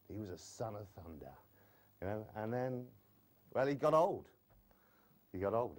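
A man in his forties preaching a sermon in a conversational way, often adding "you know" and stumbling into restarts. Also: medium pitch. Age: 40s. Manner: stammers into restarts, wide swings in loudness.

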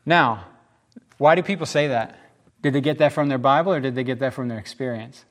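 A man preaching a sermon as pastor, with casual asides and lively storytelling in which he acts out the people he quotes. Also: mid-range voice, a little fast.

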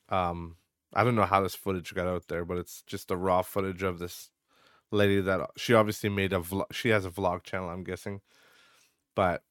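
A man's voice: deep voice, a bit bright, clear, resonant tone, no echo. A young adult man hosting a casual solo podcast, ranting with frequent swearing and lots of filler words into a close mic. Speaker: podcast host.

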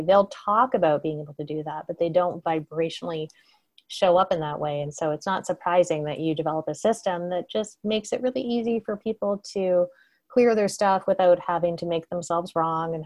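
Brief: woman host, slightly low voice, reflective, admiring. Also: a little mellow. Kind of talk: casual interview chat.

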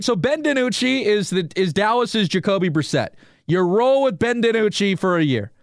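A man's voice: sits high, normal speed, no echo, studio quality. A man hosting a solo sports podcast, ranting with rhetorical questions and talking straight to his listeners. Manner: animated, rhetorical, talks to listeners directly. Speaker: sports radio host.

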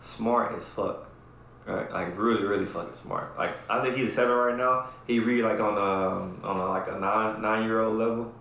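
Brief: male podcast host, swears a lot, animated storyteller, very roomy echo, faint room noise. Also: on the low side, moderate pace. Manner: profane, animated, keeps asking "right?". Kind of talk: casual storytelling chat. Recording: very echoey room.

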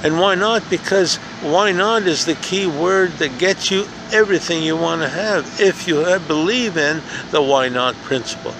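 A man's voice: fairly high pitch, normal speed, few pauses. An older man hosting a podcast outdoors in a park, telling a motivational story in an earnest, repetitive way that builds to emphatic rhetorical questions. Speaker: podcast host. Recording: faint outdoor background noise.

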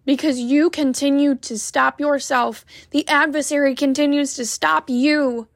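Slow, heartfelt woman coach. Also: high-pitched, fairly even intonation, dry recording, studio quality. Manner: heartfelt, emphatic. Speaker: wellness coach. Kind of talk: motivational talk to camera.

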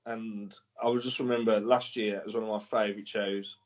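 A man's voice: on the low side, level tone, a little fast. A man co-hosting a casual podcast, rambling and searching for words as he talks. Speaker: podcast co-host. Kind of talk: casual banter. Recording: dull lo-fi podcast audio.

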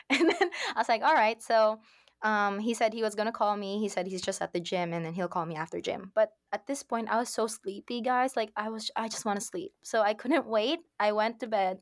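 Woman telling a story on a podcast, chatty and animated, acts out the dialogue, dry close sound. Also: medium pitch, fairly quick, dry recording. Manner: animated, quotes herself and others, frequent laughs. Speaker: podcast guest. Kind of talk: casual storytelling.

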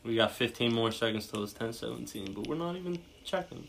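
A man's voice: mid-range voice, lively intonation, fairly quick, creaky, fairly bright tone. A young man co-hosting a casual podcast, teasing and blunt. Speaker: podcast co-host.

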